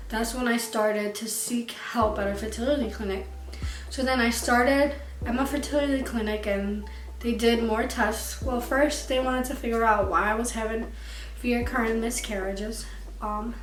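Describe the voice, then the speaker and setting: A young woman vlogger candidly telling a personal story to camera, emotional and tearful at times. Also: on the high side. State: crying at times. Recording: echoey room, far from mic, faint music.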